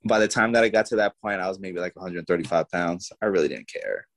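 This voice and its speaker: A man guest in an interview, telling his own story in an animated way and voicing the people in it. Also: low voice, quick pace, gravelly, poor audio.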